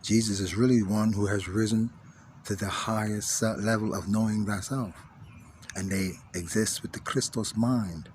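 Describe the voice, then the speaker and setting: A man with a fairly low voice delivers a spiritual teaching monologue. He repeats his key phrases, lets some lines sink to a near hush, then drives others home with force. A faint background hum sits under his voice. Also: fairly even intonation, normal speed. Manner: emphatic, repeats key phrases, drops to hushed tones then rises forcefully.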